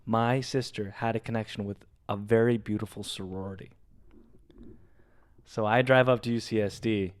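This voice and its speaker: A man's voice: lowish voice, normal speed. A young man, a podcast co-host, telling a long story casually and acting out what people said. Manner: animated storyteller acting out quotes.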